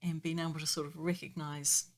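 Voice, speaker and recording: A woman teaching piano in a patient, chatty way, her voice pitched a little low. She explains rhythm step by step and counts the beats aloud in an even pulse. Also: a little fast, heavy background noise. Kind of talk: explaining music theory in a lesson.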